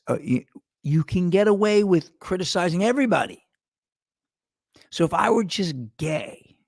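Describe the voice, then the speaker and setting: Gravelly middle-aged man rambling on a podcast. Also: fairly high pitch, darkish tone, no room sound, clean studio sound. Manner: rambling, profane, digressive. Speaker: podcast host. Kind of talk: casual monologue.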